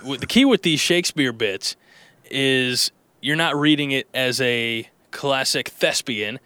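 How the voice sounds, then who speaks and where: Brief: male studio host, bright crisp tone, dry booth sound, chatty and joking. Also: mid-range voice, unhurried, no room sound. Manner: chatty, joking, rambling with restarts. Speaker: radio host. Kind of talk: casual recorded chat. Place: studio alone, headphones. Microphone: studio mic with headphones.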